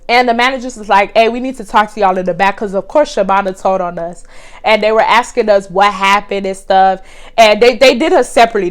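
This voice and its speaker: A woman, telling a blunt, profane, animated story to her vlog viewers. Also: mid-range voice. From Texas. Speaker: vlogger.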